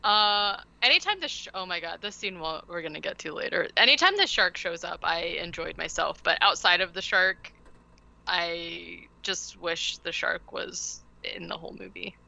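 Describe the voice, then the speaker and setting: A woman hosts a casual podcast, recapping a film in a loose, animated way. Her voice is very bright and ringing. She leans on fillers and asides as she talks. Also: fairly low pitch, normal speed, vocal fry, dull audio. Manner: chatty, animated retelling with lots of "like". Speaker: podcast host.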